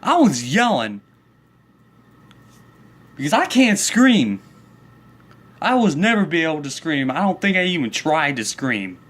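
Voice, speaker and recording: A man's voice: on the high side, sing-song, a little slow, pauses often, a bit bright. A man telling a story in a comedic angry rant, profane and worked up, rambling along with restarts. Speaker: vlogger.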